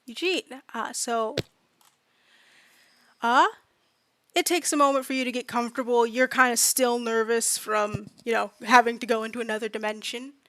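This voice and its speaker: Woman game master narrating a tabletop game, casual and rambling, a bit high, dry sound. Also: steady tone, moderate pace, sharp tone, dry recording. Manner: casual, filler-heavy descriptive narration.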